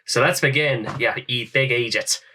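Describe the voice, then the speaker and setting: A man's voice: mid-range voice, normal speed, pushed and bright, slight background noise. A young man hosting a reaction video, rambling theatrically while putting on a thick Irish accent over his English roots. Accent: put-on Irish. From England. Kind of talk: casual reaction commentary.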